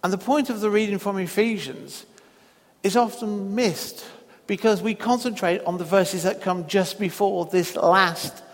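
A man preaching a sermon in a church, telling a story slowly and deliberately with long pauses. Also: high voice, in a large hall.

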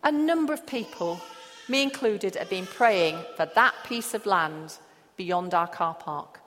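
Slow-preaching woman in an echoey hall. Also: fairly low pitch, animated, fairly bright tone. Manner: slow, emphatic preaching with long pauses. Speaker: pastor. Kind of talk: sermon. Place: church hall.

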